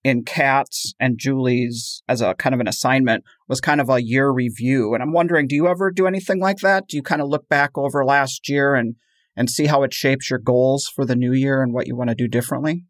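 A man's voice: medium pitch, a little fast, no room sound. Chatty man on a dry podcast mic. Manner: chatty, animated when quoting others. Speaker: podcast co-host. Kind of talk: casual chat.

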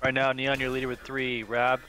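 A man giving excited play-by-play commentary on a drone race. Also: medium pitch, normal speed, faint music behind.

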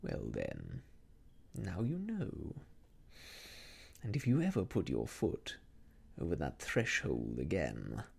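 A man voicing a smooth, menacing country squire in a whispered role-play, coaxing and then threatening. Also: sits low, huge pitch swings, takes it slowly, voice pushed down, heavily acted.

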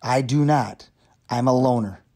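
A man's voice: mid-range voice, measured pace, darkish tone, natural voice. Moaning, sulky storybook cat queen, read by a man. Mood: self-pitying. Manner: moaning, self-pitying.

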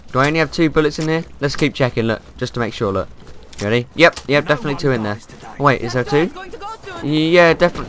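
A young man commenting on a shooter game as he plays, excitable and yelling when things go wrong. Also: mid-range voice. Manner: excitable, yelling in panic during fights. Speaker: gaming YouTuber. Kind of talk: gameplay commentary. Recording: gunfire noise behind voice. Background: game gunfire and effects.

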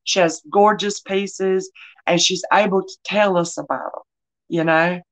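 A woman's voice: on the low side, fairly bright tone. A middle-aged woman, hosting a live online sale in a chatty, folksy way and greeting viewers by name. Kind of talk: casual live-stream selling chat.

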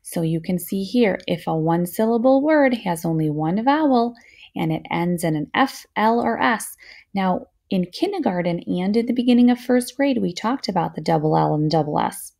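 A woman teaching a phonics lesson to young children, sounding words out slowly and patiently with steady encouragement. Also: medium pitch, gravelly.

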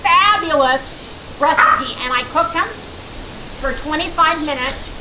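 Excitable high-voiced lady doing a home cooking vlog, lots of "you guys", kitchen clatter behind her. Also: unhurried, background noise. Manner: gushing, excitable, addresses viewers as "you guys". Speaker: keto cooking channel host.

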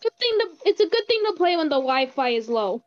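A woman's voice: high-pitched, sing-song, fast talker. A woman co-hosting a casual gaming video, easygoing and chatty with frequent giggles. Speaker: gaming co-host. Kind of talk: casual gameplay chat. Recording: dull lo-fi audio.

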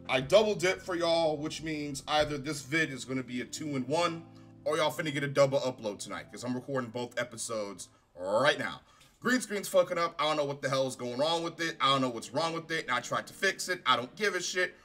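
A man's voice: mid-range voice, animated, fairly quick, sharp tone, soft background music. A man giving a casual, profane, sarcastic review of a TV show from his home recording setup.

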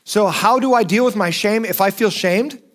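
A man's voice: high voice, moderate pace, a bit bright. A male pastor preaching a sermon in a conversational, emphatic way.

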